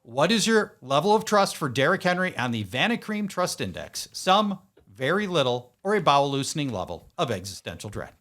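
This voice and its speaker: A male podcast host with a lively, swooping voice and a bright edge to his tone. He talks through sports stats with emphatic, playful punch, leaning hard on key words. His pitch sits a little higher than most men's. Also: fairly quick, few pauses. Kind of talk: fantasy sports podcast chat.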